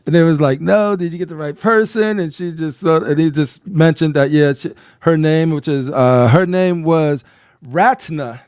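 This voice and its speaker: A man co-hosting a relaxed watch-along podcast with a smooth, resonant voice pitched a little high. He talks fast and acts out scenes in quick voices. The sound is dry and close. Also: no echo. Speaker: podcast co-host. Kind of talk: casual watch-along chat.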